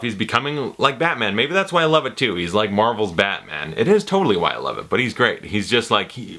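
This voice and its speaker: A man giving a casual, rambling spoken review of a TV series, excitable and full of swearing. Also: mid-range voice.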